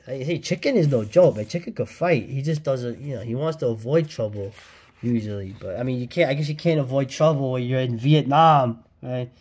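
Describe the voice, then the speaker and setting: A man hosts a casual vlog reviewing an old comic, his medium-pitched voice fairly quick with a breathy edge. The chatter is excited and slangy, with frequent laughter.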